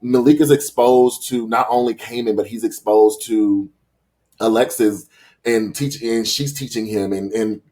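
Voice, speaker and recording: A young adult man being interviewed about his books, talking in an animated, rambling way with quick restarts. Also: medium pitch. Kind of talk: casual interview chat.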